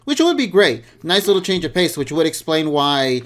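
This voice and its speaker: A co-host on a fan podcast talks in eager, drawn-out explanations. The voice comes through muffled, as if with food in the mouth, in a relaxed, casual chat. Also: medium pitch. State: muffled voice, eating.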